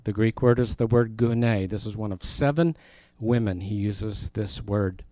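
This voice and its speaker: A man's voice: on the low side, a little slow, warm tone, no room sound. Conversational male Bible teacher, dry sound. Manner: conversational, explains words, asks the audience questions.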